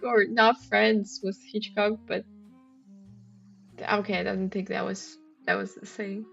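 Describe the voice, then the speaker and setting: In a dull lo-fi clip with faint background music, a woman solves a crossword live on stream. She reads each clue aloud and mulls over answers, um-ing hesitantly throughout, in a fairly high voice with vocal fry.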